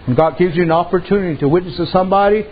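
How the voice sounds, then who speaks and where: A man's voice: high voice, racing, slightly rough. A man preaching a sermon, telling folksy stories and dropping repeated amens. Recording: dull lo-fi recording.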